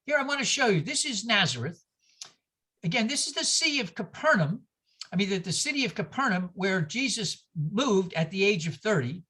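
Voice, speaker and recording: A man's voice: high-pitched, big pitch swings, normal speed, sharp tone, breathy edge. A man teaching a class, pointing at a map and lecturing with emphatic rhetorical asides and repetition. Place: classroom or church hall.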